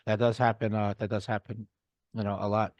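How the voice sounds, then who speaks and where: A man's voice: fairly low pitch, little pitch movement, fairly quick, a little mellow, dry recording, muffled recording. A man hosting a podcast interview, responding in an agreeing way with frequent fillers. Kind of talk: conversational interview.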